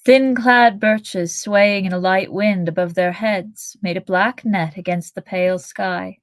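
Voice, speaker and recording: A woman's voice: medium pitch, unhurried, dry recording, studio quality. Woman co-host reading a novel aloud. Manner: steady reading, giggly in chat. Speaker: podcast co-host and reader.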